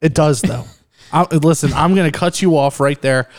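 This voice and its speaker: A man co-hosting a podcast in casual chat, brash and quick with crude jokes. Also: on the high side. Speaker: podcast co-host.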